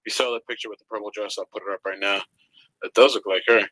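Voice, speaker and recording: A man's voice: lowish voice, fairly even intonation, quick pace, pushed and bright, no room sound, low-quality recording. A man co-hosting a casual livestream, talking in a hesitant, hedging way. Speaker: livestream co-host.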